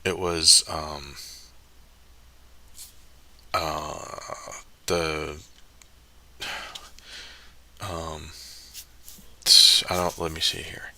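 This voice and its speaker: Male streamer host, very low voice with a bright edge, slow, rambling and jokey. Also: little pitch movement. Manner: rambling, self-correcting, jokey asides. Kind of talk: rambling casual monologue.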